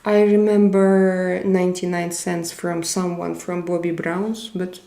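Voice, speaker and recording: Streamer, woman: gravelly, unhurried voice in a roomy echo, reading chat aloud in a halting way. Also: fairly low pitch, little pitch movement, warm tone. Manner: halting, chatty, laughs often. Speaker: livestream host. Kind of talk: casual live chat, reading viewer comments aloud.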